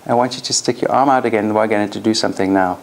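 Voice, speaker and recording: A woman trainer leading a live coaching demonstration in front of an audience, animated and directive. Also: a bass voice, quick pace, gravelly, slight background noise.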